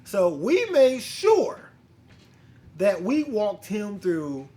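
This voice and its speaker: Male host with a fairly high voice, a casual, profane storyteller who quotes the people in his story. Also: extremely slow. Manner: blunt, profane, animated retelling with quoted dialogue. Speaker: bounty hunter and podcast host.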